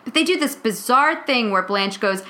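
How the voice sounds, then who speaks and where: A woman's voice: fairly high pitch, expressive, moderate pace, sharp tone. A woman hosting a podcast, chatting casually and retelling a TV episode while acting out the characters' lines. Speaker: podcast host. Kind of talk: casual chat recapping a TV episode.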